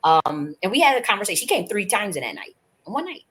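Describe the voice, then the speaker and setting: A woman's voice: medium pitch, very animated, quick pace, fairly bright tone. A woman host talking off the cuff to her viewers, emphatic and profane, rambling with many restarts. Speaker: channel host. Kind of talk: unscripted spiritual monologue.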